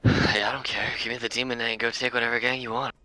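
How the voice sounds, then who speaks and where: A man's voice: mid-range voice, level tone, fast, sharp tone, dry recording, rough recording. A man playing his character in a tabletop game, blunt and insistent with a wry edge. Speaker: player.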